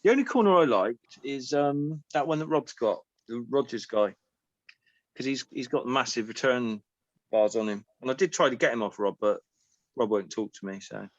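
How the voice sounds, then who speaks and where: A man's voice: mid-range voice, expressive, moderate pace, no echo, highs cut off. A man in a casual call chat, rambling and mocking himself. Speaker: league member on a call.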